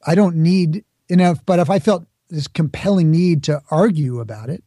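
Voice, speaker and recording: A man's voice: fairly high pitch, normal speed, mellow, no room sound, clean studio sound. A middle-aged man from the Bronx, a podcast guest talking in a reflective, explanatory way. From the Bronx, New York. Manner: reflective, explains with examples and acted-out asides. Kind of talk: conversational interview.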